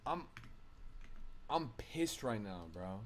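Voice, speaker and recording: A man's voice: on the low side, very animated, slow pace. Man streamer ranting angrily at chat. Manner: angry, profane, ranting. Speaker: live streamer. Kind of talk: live stream rant to chat.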